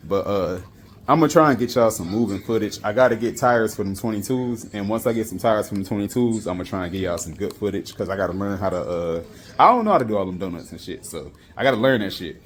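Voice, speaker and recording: A man's voice: fairly low pitch, lively intonation, fast talker, a little hiss or hum. A man casually talking through a car vlog in loose slang, trailing off with fillers as he shows off his vehicle and home. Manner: laid-back slangy talk, trailing off with fillers. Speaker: car vlogger.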